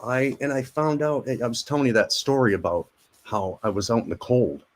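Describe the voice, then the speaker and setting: An army veteran turned actor is a guest in a casual interview, telling rambling stories, repeating words and acting out quoted voices. His voice is medium pitch and fairly quick.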